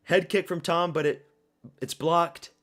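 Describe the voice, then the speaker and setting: Excitable male streamer swearing through a fight, somewhat high voice, slow drawn-out delivery. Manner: excitable, profane, repeats himself. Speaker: watch-party streamer. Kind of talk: live fight reaction commentary.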